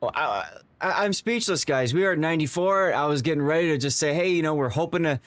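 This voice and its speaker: A man's voice: a little high, fast, fairly bright tone, no echo. A man streaming live to his viewers, emotional and stammering, repeating himself as he thanks them. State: tearing up. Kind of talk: excited live-stream chat.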